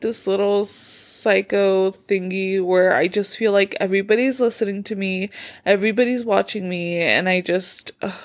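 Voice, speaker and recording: A young woman hosting a casual solo podcast, rambling with many fillers, self-deprecating, tired and a bit out of breath. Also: medium pitch. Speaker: podcast host.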